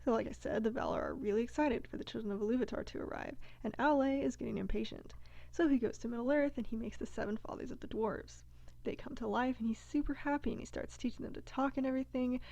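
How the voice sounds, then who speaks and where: Narrator, female, with gravelly fry, mellow tone, breezy and jokey delivery. The audio is dull and dry. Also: on the high side, fast, no room sound. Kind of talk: casual comedic story retelling.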